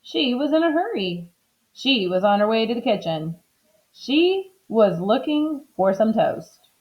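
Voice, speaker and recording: A woman reading a children's book aloud in an expressive, animated way. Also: a little high, unhurried. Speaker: storybook reader. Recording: slightly dull lo-fi recording.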